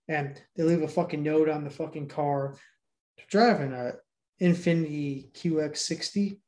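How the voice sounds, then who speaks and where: A man's voice: on the high side, moderate pace, darkish tone. A young man on a podcast, retelling a movie plot at length in a rambling, swear-heavy casual chat. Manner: rambling, heavy swearing, laughs while telling. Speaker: podcast co-host.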